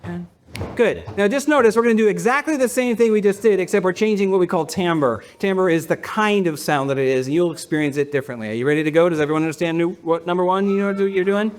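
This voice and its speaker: Playful high-voiced pastor counting in a crowd. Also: male voice, quick pace. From United States. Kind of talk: leading a congregation in a rhythm game. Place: church hall with a congregation.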